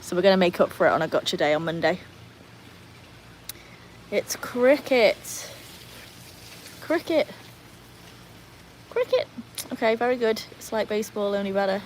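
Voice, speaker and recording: A woman's voice: medium pitch, rapid-fire, hardly any pauses, a little hiss or hum, poor audio. A British woman, hosting a casual livestream from home, chatting with viewers and her dogs. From Britain. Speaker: livestream host.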